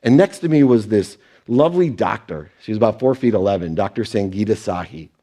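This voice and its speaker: A man's voice: on the low side, expressive, fairly quick, dark tone. A man giving a motivational stage talk, telling personal stories and quoting people in brief put-on voices. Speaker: speaker. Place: stage before an audience.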